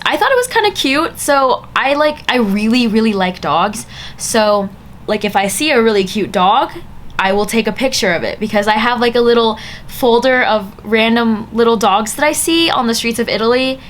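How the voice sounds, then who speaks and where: Chatty young woman telling a story, fairly high voice. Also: a little hiss or hum. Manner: chatty, full of "like" fillers. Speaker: vlogger. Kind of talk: casual storytime.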